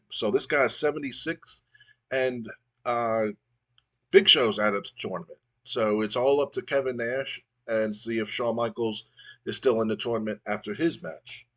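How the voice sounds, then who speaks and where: A man's voice: medium pitch, fairly bright tone. A man casually narrating a wrestling game playthrough. He rambles, with many fillers and restarts.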